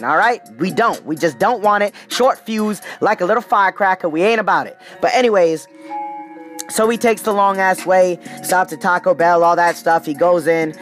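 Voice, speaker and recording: A man with a notably high voice tells a comedic story in a loose, slangy style, often calling out to his listeners. Faint music plays underneath his podcast monologue. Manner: animated, slangy, addresses listeners directly. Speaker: podcast host.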